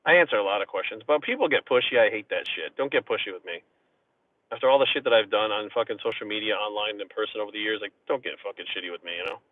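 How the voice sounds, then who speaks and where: A man's voice: lowish voice, fast talker. A man in his forties hosting a live stream, telling a rambling, profane story and answering chat questions in casual talk. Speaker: livestream host. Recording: tinny phone-like audio, dry.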